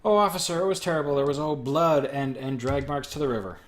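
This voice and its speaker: A man voicing an excited, frightened young woman jogger who rushes through her story. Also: on the high side, slight background noise, close to an everyday voice. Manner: breathless, rushing on.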